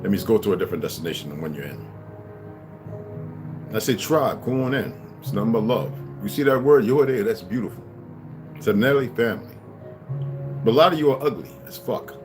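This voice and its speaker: A man's voice: lowish voice, expressive, fairly quick, pauses often, music in the background. A man in his fifties giving a blunt, profane, rambling livestream monologue, often repeating words and restarting sentences. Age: 50s. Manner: profane, blunt, stream-of-consciousness.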